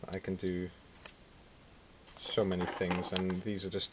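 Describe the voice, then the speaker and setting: An unhurried, low-pitched man from Wales speaks in a monotone while casually presenting his miniature collection. As a wargaming hobbyist thinking out loud, he uses plenty of fillers and self-corrections in this show-and-tell. The audio is lo-fi and somewhat dull, with noticeable background noise.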